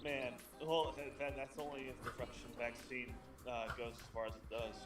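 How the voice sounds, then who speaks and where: A man's voice: mid-range voice, fairly even intonation, moderate pace, distant mic. Swearing man telling rambling stories. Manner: profane, rambling storyteller. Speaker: co-host of a gaming stream. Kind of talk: casual gaming stream chat. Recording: echoey and off-mic with music.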